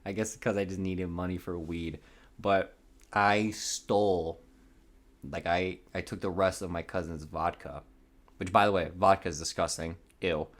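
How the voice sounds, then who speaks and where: With a deep, fairly even voice and a slightly slow delivery, a podcast host around twenty rambles through a casual monologue full of profanity. Nervous cracks slip into his voice.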